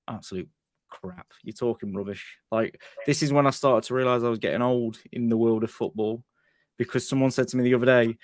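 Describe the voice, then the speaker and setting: A man's voice: medium pitch, steady tone, brisk, no room sound, clean studio sound. A man from England on a football fan show, talking in a blunt, heated, sweary way. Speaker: podcast panelist. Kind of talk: casual football chat.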